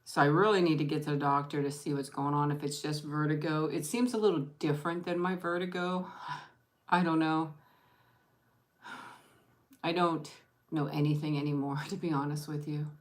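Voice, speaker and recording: A woman with a notably low voice hosts a casual lunch stream and talks straight to her viewers. She rambles from one thought to the next, often breaking off and starting her sentences again. She keeps stopping to thank people in the chat by name. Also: steady tone, moderate pace, pauses often. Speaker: vlogger hosting an eat-with-me stream.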